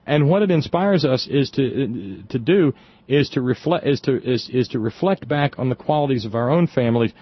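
A middle-aged man, co-hosting casual radio talk, halting with wry humor. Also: mid-range voice, expressive, breathy edge, dry recording, dull audio. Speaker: co-host.

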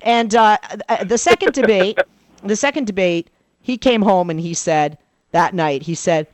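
A woman guesting on a talk-radio show, telling a story with big swings of pitch and acting out the voices of the people she quotes. Her voice sits in the middle of the female range. The sound is dry and close, with no room around it. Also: brisk, no room sound. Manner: animated storyteller who acts out quoted dialogue. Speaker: political commentator, radio guest. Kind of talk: lively talk-radio commentary.

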